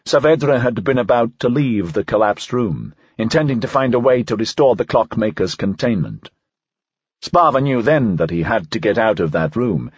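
Male audiobook narrator, low husky voice, lively delivery, dry slightly dull recording. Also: no echo. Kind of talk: scripted fiction narration.

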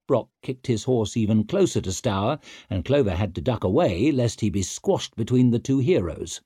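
A man reads a grim fantasy tale aloud with a slightly husky voice. His pitch moves a lot, giving the narration a lively, shifting rise and fall. The sound is close and dry, with no room around it. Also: moderate pace, hardly any pauses, dry recording. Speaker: audiobook narrator. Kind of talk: scripted narration.

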